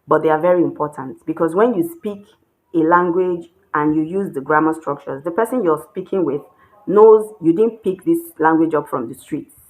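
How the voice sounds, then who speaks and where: A woman teaching Chinese grammar patiently, repeating each point with slow worked examples. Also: low voice. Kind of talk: explaining grammar.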